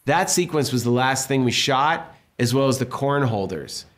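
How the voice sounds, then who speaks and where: At a normal speed and medium pitch, a man tells stories in a casual interview, bringing them to life by acting out quotes. He's a film director in his fifties, from Massachusetts.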